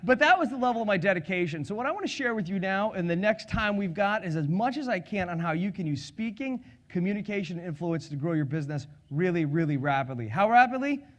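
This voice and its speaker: A middle-aged man with a notably high voice presents a sales seminar to a live audience. He is energetic and playful, joking with the room and asking the listeners questions. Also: fast, hardly any pauses. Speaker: sales and public speaking trainer.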